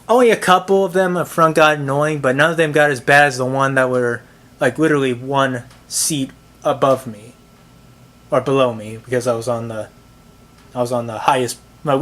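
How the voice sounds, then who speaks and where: A man's voice: medium pitch, a bit bright. A man tells a camera how a movie night went wrong, swearing often and sounding thoroughly exasperated. His delivery rambles, stumbling through restarts and filler words as he complains. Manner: halting, full of restarts and "like". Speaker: movie reviewer. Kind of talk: ranting movie-theater story.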